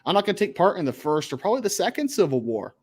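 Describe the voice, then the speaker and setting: A man's voice: sits high, big pitch swings, very fast, darkish tone, breathy edge. A man hosting a livestream, chatting casually in a rambling way full of crude jokes. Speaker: livestream host.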